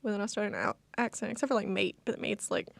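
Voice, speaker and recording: A woman's voice: mid-range voice, big pitch swings, quick pace, gravelly, no echo. A young woman, co-hosting a casual chat and talking with lots of fillers. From United States. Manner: chatty, lots of fillers and laughter. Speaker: co-host.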